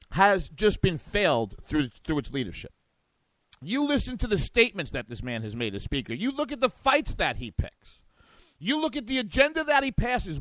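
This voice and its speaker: A man's voice: fairly high pitch, fairly bright tone, no echo. A man hosting a talk show, giving combative, sarcastic political commentary. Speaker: radio talk show host.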